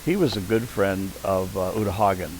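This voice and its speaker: Low-voiced and fairly quick, a veteran community theater actor, now older, reminisces as an interview guest, brightening each time he quotes people in his anecdotes. The low-quality recording carries a little hiss or hum.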